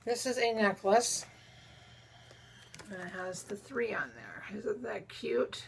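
A vlogger in a casual unboxing chat opens mail from friends, gushing over small gifts and talking to the viewers and the objects alike. Her mid-range voice is slow with vocal fry, and a little hiss or hum can be heard.

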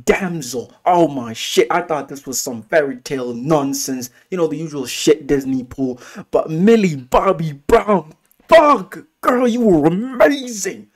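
A man excitedly ranting about a film, gushing and swearing with lots of exclamations. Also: a little high, unhurried, few pauses. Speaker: movie reviewer. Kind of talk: excited movie rant.

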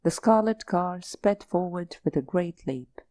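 A woman narrating an audiobook in a measured, unhurried storytelling manner. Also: fairly low pitch, expressive, warm tone, no room sound.

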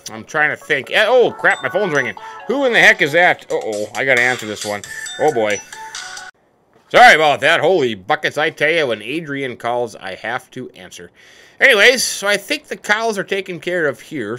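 A man giving casual gameplay commentary as a folksy, hammy farmer character full of exclamations. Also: on the high side. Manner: folksy, hammy farmer persona with stock catchphrases; animated, exclaiming. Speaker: let's play host.

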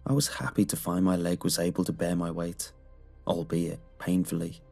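Deep gravelly male horror narrator. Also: steady tone, moderate pace. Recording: soft music underneath.

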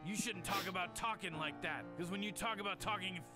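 A man's voice: high voice, quick pace, over music, close to an everyday voice. A man voicing a bickering, foul-mouthed soldier. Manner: rambling, petty bickering with lots of swearing. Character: bored, crude male soldier guards bickering. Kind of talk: video game character dialogue.

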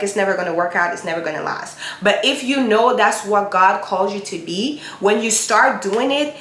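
This Christian YouTuber speaks in a mid-range, fairly bright voice, exhorting her viewers through a motivational Bible talk with preacher-like emphasis and repetition. She's there to encourage them. The room is echoey, and a little hiss or hum sits in the background.

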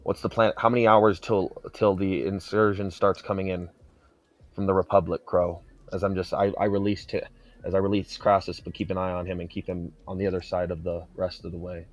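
A man's voice: low voice, little pitch movement, brisk, no echo. A man playing his character in a tabletop game, speaking sternly and with threats, often restarting his sentences. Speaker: player. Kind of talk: in-character tabletop role-play.

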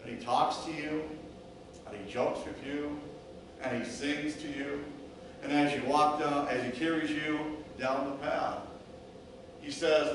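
Pastor preaching in an echoey church. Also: male voice, fairly high pitch, a little slow. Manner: storytelling sermon, acting out voices of a hurt sheep and a calm shepherd. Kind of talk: sermon. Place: church sanctuary. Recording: echoey church, distant mic, noisy.

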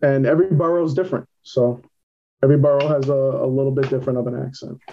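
A man's voice: medium pitch, steady tone, fast talker, vocal fry, dull audio, slight background noise. A man from Queens with a New York accent, a filmmaker answering interview questions in a plain-spoken, matter-of-fact way. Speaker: filmmaker guest. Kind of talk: casual interview.

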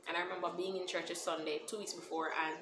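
A young Jamaican vlogger shares her personal testimony as a storytime, earnest and emotional, switching between plain English and patois. Her voice is slightly low for a woman, with little pitch movement and a quick pace. The echoey, roomy recording carries faint background noise.

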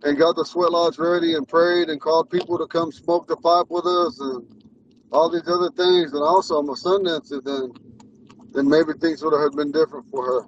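A man's voice: on the high side, flat delivery, normal speed, far from the mic, muffled recording, a little hiss or hum. A man with a lisp, a Ponca language teacher, talking in a rambling, earnest way while he drives. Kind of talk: casual talk while driving. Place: inside a car on the road.

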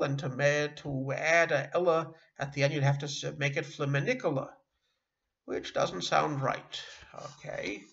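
A middle-aged man teaching a beginner language lesson online, halting often with fillers and restarting words. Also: mid-range voice, vocal fry, fairly bright tone, dull audio. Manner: halting, with frequent uh and self-corrections. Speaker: Yiddish teacher.

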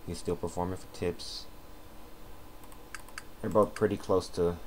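A man's voice: deep voice, flat delivery, measured pace. A man giving casual gameplay commentary, sarcastic and swearing as he talks at the game characters, at a desk mic. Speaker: let's play commentator. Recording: noisy home recording with keyboard clicks.

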